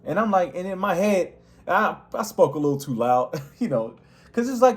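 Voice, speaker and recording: Dude teaching a bible lesson, loose slangy rambling, bit high voice, carries. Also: male voice, animated, normal speed. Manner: slangy, rambling, many restarts. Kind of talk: casual scripture lesson.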